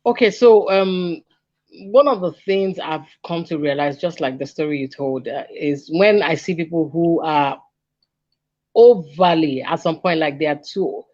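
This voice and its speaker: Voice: medium pitch, a little slow, darkish tone, dry recording. Earnest counselor, dull dry audio. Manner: earnest, repeats and restarts phrases, stresses warnings. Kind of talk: earnest advice in conversation.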